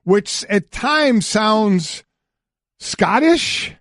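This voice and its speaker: A man's voice: sits high, animated, drawn-out words, fairly bright tone, dry recording, clean studio sound. A middle-aged man co-hosting a sports radio show, talking casually with incredulous questions and stammered repeats. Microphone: studio mic.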